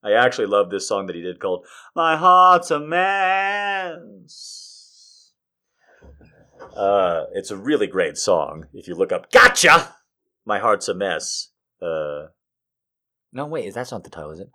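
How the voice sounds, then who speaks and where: Animated, rambling male podcast host. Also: on the low side, a little slow, long pauses. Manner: rambling, easily sidetracked; animated, swearing asides. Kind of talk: poetry reading and casual chat.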